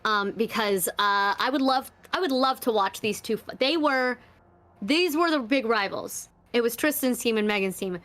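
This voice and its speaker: A woman with a high, light voice co-hosts a live stream. She talks in a brash, teasing way and swears freely. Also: animated, normal speed, a bit bright. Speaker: stream co-host. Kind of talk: casual live-stream chat.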